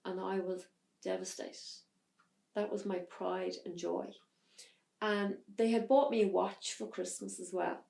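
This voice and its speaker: A woman telling a hard personal story as an interview guest, in a halting way with restarts. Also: mid-range voice, little pitch movement, creaky, a little mellow, reverberant. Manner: halting, restarts under strain. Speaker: podcast guest.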